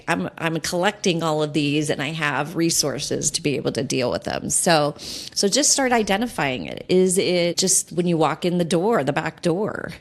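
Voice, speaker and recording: Gentle low-voiced woman coach. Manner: gentle, reassuring, acts out inner voices. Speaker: sobriety coach and podcast host. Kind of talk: conversational podcast coaching.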